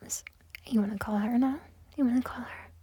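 A young woman in a whispered role-play, voicing a domineering, mocking character in a breathy close whisper that keeps repeating itself. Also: on the high side, fairly even intonation, brisk, dark tone, no echo. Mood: angry.

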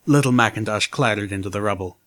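A man's voice: lowish voice, quick pace, a bit bright. Man narrating a fan audiobook. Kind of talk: scripted first-person narration of a fan story.

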